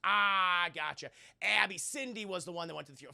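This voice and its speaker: Gravelly, animated man recapping for chat. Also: high-pitched, a little fast, no room sound, studio quality. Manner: animated, rambling, profane, addresses chat. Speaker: streamer reviewing a film. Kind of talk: casual live-stream recap.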